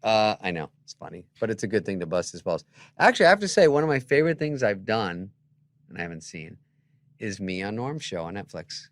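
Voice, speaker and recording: An older man in casual chat, telling stories as a guest and acting out the voices in them, now loud, now soft. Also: lowish voice, fairly quick, dry recording. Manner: animated, acts out voices in anecdotes, swings loud and soft.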